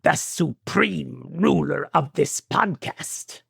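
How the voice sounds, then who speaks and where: A man putting on the voice of a sinister old male galactic emperor, speaking slowly and low. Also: animated, gravelly, fairly bright tone, slightly rough, no room sound, studio quality, full character voice.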